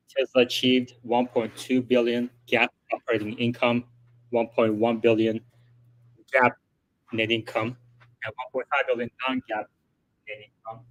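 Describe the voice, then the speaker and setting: A man hosts a casual livestream, chatting through financial figures, thinking aloud, and reading quotes from a report. His voice is medium-pitched, and the dry recording has poor audio quality.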